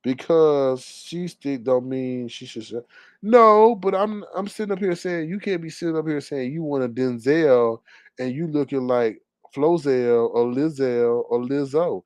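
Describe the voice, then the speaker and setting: A man rants in an indignant, drawling way on a live talk stream. His voice sits at an ordinary middle pitch, recorded dry and close, and it swings between loud outbursts and low mutters. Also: a little slow, no room sound. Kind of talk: animated casual ranting.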